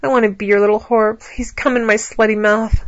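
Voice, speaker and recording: A woman's voice: medium pitch, fairly even intonation, moderate pace, a bit bright, no echo, muffled recording, lightly acted. A woman voicing a submissive young woman with a whining, pleading way of talking.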